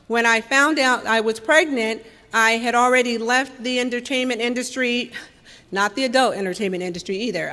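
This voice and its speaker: Candid woman in an echoing hall. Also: on the high side. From Los Angeles, California. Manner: candid, wry, raw, with emphatic swells and soft drops. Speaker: speaker sharing a recovery story. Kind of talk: personal recovery talk. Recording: long reverb from a hall.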